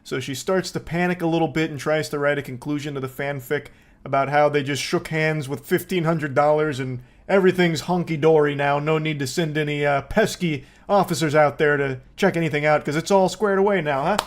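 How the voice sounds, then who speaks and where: A man's voice: a little high, a little fast. A man giving sarcastic, joking commentary on a video clip, swearing and laughing as he goes. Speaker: reaction commentator. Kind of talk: casual commentary.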